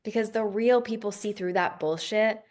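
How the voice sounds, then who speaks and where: A woman's voice: medium pitch, moderate pace, darkish tone. A woman hosting a solo coaching podcast, talking candidly and emotionally, swearing freely and restarting her sentences. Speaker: business coach and podcast host.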